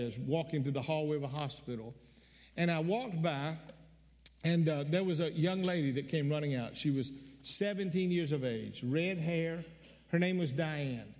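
A man preaching a sermon, telling a personal story earnestly and slowing down on the emotional moments. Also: on the high side, long reverb tail.

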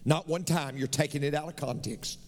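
A man's voice: on the high side, fairly quick. A middle-aged man, preaching a sermon as pastor with emphatic, repetitive phrasing in a large church sanctuary. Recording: long reverb of a large church hall.

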